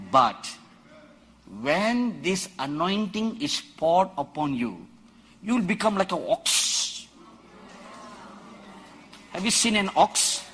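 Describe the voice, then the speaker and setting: A man preaching a sermon to a conference crowd, quoting scripture dramatically and rising to emphatic shouts. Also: fairly high pitch, slight background noise. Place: large conference hall.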